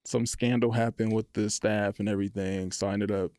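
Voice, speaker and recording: Guest, 20s, man; mellow tone, earnest and lively storyteller, close dry mic. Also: fairly low pitch, brisk, no echo. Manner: earnest, animated when retelling, lively storytelling. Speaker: podcast guest, college football player. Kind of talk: casual faith testimony. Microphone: podcast microphone.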